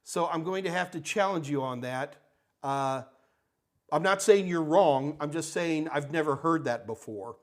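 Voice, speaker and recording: A man's voice: fairly high pitch, unhurried. An older man hosting a live tech Q&A, answering chat questions in a blunt, emphatic, ranting way. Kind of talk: live Q&A stream.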